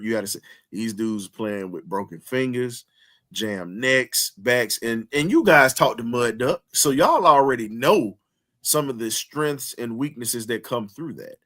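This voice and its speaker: A man's voice: medium pitch, measured pace, a bit bright. A man hosting a heated sports talk show, speaking with an emphatic, preaching cadence and repeating phrases to drive points home.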